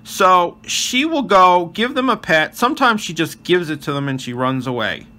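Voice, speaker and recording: A man's voice: sits high, expressive, moderate pace, pushed and bright. A male channel host giving earnest voice-over commentary on gameplay and reading chat aloud. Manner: wishes viewers a blessed day.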